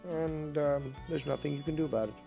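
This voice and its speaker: A man's voice: on the high side, a little fast, vocal fry, mellow, faint music behind. A man chatting casually on a live stream while playing a fishing game, rambling, sarcastic and profane.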